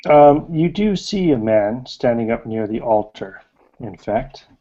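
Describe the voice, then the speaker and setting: A man's voice: mid-range voice, animated, a little slow, warm tone, lo-fi sound. A man narrating as game master of a tabletop game, hesitant and full of fillers.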